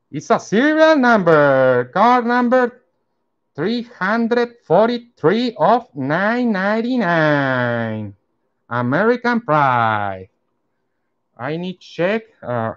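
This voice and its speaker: Slow man reading out baseball cards. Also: fairly high pitch, clear, resonant tone, muffled recording. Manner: slow, reads out each card name and team. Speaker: card collector opening packs. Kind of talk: casual card-opening commentary.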